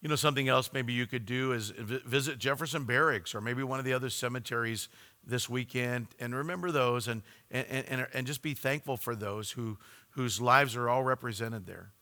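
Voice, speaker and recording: A man preaching a sermon, telling a story earnestly and slowing down for emphasis. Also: medium pitch, bright, forceful tone, long reverb tail. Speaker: pastor.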